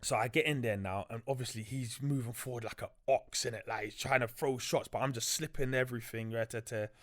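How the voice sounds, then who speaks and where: A man's voice: mid-range voice, steady tone, brisk, a bit bright. A young man, a podcast guest telling a story in a loose, slangy way with many fillers. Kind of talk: casual storytelling chat.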